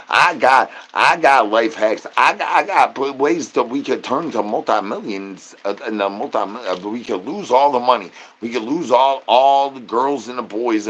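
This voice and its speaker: A man rambling through a live-stream chat, chanting nonsense rhymes and catchphrases with sudden high-pitched outbursts. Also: fairly bright tone, slight background noise.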